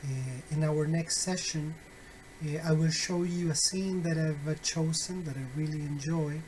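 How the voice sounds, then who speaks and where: A man teaching phonetics in a recorded online lesson, deliberate and full of fillers and self-corrections, with wry, friendly asides to his students. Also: on the high side, steady tone, a little mellow, a little hiss or hum, low-quality recording.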